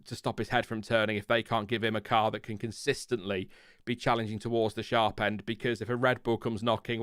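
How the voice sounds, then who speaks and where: A man's voice: medium pitch, fairly bright tone, smooth, no room sound, studio quality. A man with a Lincolnshire accent hosting a casual live F1 chat stream, rambling and restarting his sentences, chuckling at his own tangents. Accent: Lincolnshire English. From Lincolnshire, England. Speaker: F1 channel host.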